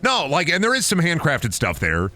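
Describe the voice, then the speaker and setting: A man's voice: fairly high pitch, normal speed. Profane, ranting man streamer. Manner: profane, rambling, animated ranting. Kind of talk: casual gameplay commentary.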